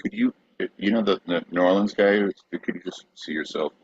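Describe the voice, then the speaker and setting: Lower-voiced, teasing podcast co-host. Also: male voice, brisk, a little mellow, husky, dry recording. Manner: playful, teasing. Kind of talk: casual banter. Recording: dull, muffled dry sound.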